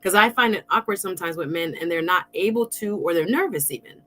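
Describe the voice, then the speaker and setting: Chatty, expressive woman hosting a podcast. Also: on the low side, fast, faint music behind. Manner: chatty and expressive, informal slang. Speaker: podcast host. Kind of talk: casual chat.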